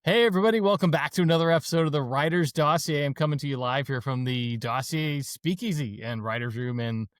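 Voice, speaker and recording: A man's voice: fairly high pitch, fast talker, few pauses, dry recording, studio quality. A man hosting a podcast, talking to his guest in a chatty, enthusiastic way and addressing listeners as folks. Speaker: podcast host. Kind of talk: casual interview chat.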